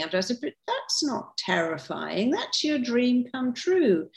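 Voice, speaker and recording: A woman's voice: on the high side, big pitch swings, slow pace, few pauses. A middle-aged woman speaking in a podcast conversation, emphatic, acting out the people she quotes. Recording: roomy echo.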